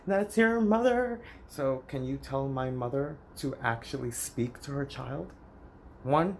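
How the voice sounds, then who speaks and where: A man's voice: medium pitch, a little hiss or hum. A man candidly recounting a painful family story in an emotional, personal vlog. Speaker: vlogger.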